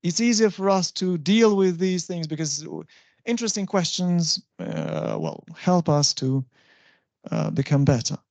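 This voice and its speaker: A university lecturer, explaining patiently and often checking understanding with a quick "right?". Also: medium pitch, big pitch swings, a little mellow, no room sound. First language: Russian. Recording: dull, dry lo-fi recording.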